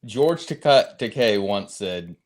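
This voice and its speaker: A man on a talk panel giving a measured opinion, laughing often between points. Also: on the low side, expressive, a little mellow. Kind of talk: casual chat.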